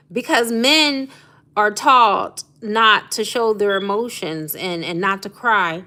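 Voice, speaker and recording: A woman's voice: mid-range voice, takes it slowly, sharp tone. A woman in her thirties or forties hosting a casual live stream, chatting with viewers about zodiac signs, laughing often and calling them "honey" and "y'all". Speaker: live stream host doing astrology readings.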